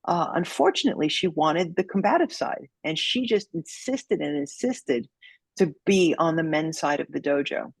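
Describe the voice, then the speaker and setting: A woman with a husky, slightly breathy voice tells a story as a podcast guest. She dramatizes it, acting out each quote. The sound is dry and close. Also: sits low, lively intonation, moderate pace, no room sound. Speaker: guest, judo sensei.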